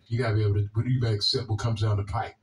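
A man's voice: fairly low pitch, flat delivery, racing, far from the mic, a little hiss or hum. A man with a Washington, D.C. accent hosting a video, answering viewer comments in a blunt, profane way and often repeating himself. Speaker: video host.

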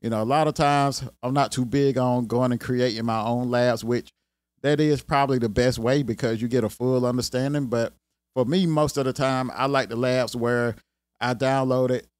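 A man with a Southern country accent hosts an IT career video, talking casually to the camera and rambling with lots of "you know what I'm saying." His voice is medium-pitched, with no room sound.

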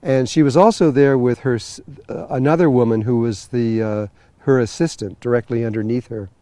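A man's voice: mid-range voice, moderate pace, warm tone, no echo. A man telling a long personal story to an audience, rambling with many fillers and restarts. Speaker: spiritual teacher telling a story. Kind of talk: storytelling talk.

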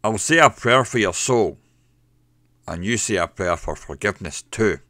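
A man voicing a huge, impatient hotel owner who speaks in a gruff, booming voice in a story reading. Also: lively intonation, normal speed, bright, forceful tone, no echo, studio quality. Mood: solemn prayer.

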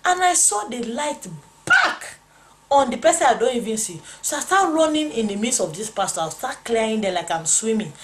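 A woman's voice: on the high side, big pitch swings, moderate pace, background noise. A woman preaching a testimony, fervently acting out voices of God and the devil as she recounts a vision. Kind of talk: testimony sermon.

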